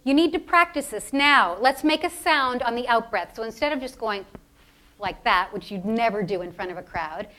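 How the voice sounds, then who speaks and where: A high-pitched woman runs a live public speaking workshop, coaching the room through belly breathing. Her talk is encouraging and playful, and she keeps the audience doing the exercises with her. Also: moderate pace, pushed and bright. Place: lecture hall with audience.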